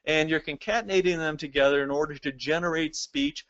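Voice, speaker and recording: A man with a somewhat high voice presents a lecture, explaining things plainly and speaking straight to his viewers. The recording sounds dull and lo-fi. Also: brisk, fairly bright tone. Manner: explanatory, addresses viewers directly.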